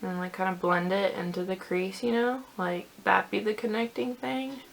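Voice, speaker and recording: A woman's voice: mid-range voice, fairly even intonation, moderate pace, gravelly. A young woman chatting casually as a beauty vlogger while she does her makeup, self-deprecating and full of "like".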